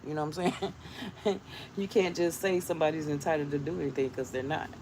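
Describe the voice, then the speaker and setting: Woman vlogger, lowish voice, chatty and rambling, laughs a lot, recorded in her garden with faint traffic behind. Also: brisk, darkish tone. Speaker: vlogger talking to viewers. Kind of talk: casual storytelling chat. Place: outdoors in a home garden.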